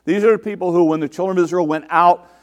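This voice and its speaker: A man with a high-pitched voice delivers a sermon, reading a scripture passage and pausing to explain it to his listeners. When he voices the complaints in the text, he acts them out with exasperation. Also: steady tone. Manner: reads scripture aloud and breaks in to explain it. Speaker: pastor.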